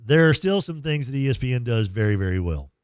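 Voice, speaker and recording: A man hosting a morning sports radio show, telling stories in a lively, emotional, self-deprecating way into a studio mic. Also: medium pitch, fast, clear, resonant tone, no room sound. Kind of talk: casual morning radio chat.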